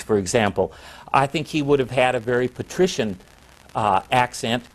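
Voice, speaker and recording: A man, a historian, answering interview questions in a measured, reflective way. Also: medium pitch.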